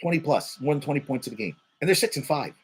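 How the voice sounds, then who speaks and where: Middle-aged male sports host, husky, lively pitch, excitable and profane monologue. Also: fast. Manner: excitable, swears, repeats words for emphasis. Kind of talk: casual sports commentary monologue.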